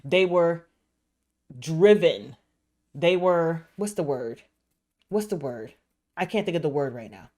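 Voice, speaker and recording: Woman, low voice, casual reaction-video host; animated, slangy, cusses freely. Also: takes it slowly, long pauses. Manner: animated, slangy, swears, searches for words.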